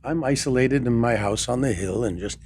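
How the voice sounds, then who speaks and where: A man's voice: medium pitch, a little fast, darkish tone, breathy edge. An older man from Canada, a guest voice actor chatting casually on a podcast with wry, self-deprecating asides.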